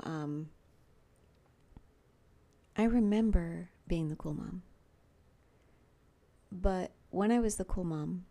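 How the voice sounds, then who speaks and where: A middle-aged woman hosts a faith podcast in a chatty, personal way, leaning on fillers and asides. Her voice sits a bit low and dark, with a gravelly fry running through it. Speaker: podcast host. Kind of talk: faith-based podcast monologue.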